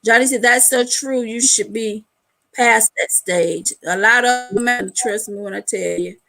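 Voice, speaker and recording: A woman hosting a casual live chat, telling animated stories in a loose colloquial way and laughing often. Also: fairly high pitch, unhurried, gravelly, faint music behind, low-quality recording. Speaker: host.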